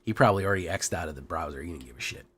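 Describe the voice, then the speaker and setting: A man streaming and commenting casually on his gameplay, hoarse from being sick, relaxed and joking, with asides he mumbles under his breath. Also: low voice, rapid-fire, background noise. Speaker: game streamer.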